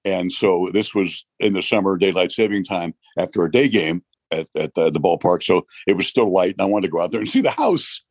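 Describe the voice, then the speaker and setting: Older New man, husky low voice. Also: brisk, hardly any pauses, no room sound. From New York. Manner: animated storyteller, laughs often, acts out voices. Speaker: retired baseball broadcaster, guest. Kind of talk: storytelling interview.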